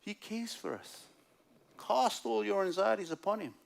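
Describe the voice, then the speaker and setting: A man preaching a sermon as a guest speaker at a church service, alternating loud, emphatic lines with hushed, quiet asides. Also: high-pitched, a little slow, creaky.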